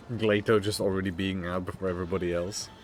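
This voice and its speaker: A man's voice: sits low, flat delivery, fairly quick, faint music behind. A man streaming a role-playing game, chatting casually and reading the game's text aloud, often stumbling over words.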